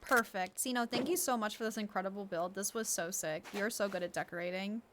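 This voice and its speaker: A woman's voice: medium pitch, fairly quick, slight background noise. A woman streaming a game, chatting casually and gushing over her viewers, teary and emotional. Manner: gushing, excitable, laughs often. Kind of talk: casual live-stream chat.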